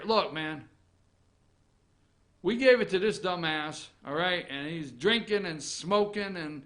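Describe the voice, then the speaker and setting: A man's voice: high-pitched, animated, slow, fairly bright tone. Sarcastic ranting male opinion host. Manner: sarcastic, ranting, swears freely; laughs at own jokes. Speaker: political opinion show host. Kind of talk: off-the-cuff political commentary.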